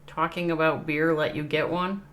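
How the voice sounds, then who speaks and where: A woman's voice: deep voice, steady tone, moderate pace, a bit bright, a little hiss or hum. A woman with a Minnesota accent casting an esports game on a livestream, chatting with her viewers and laughing often. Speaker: esports caster. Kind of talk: livestream game commentary and chat.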